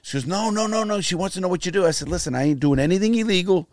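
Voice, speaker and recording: A man's voice: high-pitched, rapid-fire, no room sound, clean studio sound. A middle-aged American man telling his life story in casual chat, blunt and profane, acting out the people in his stories. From United States. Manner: profane, blunt storytelling with lively quoted voices.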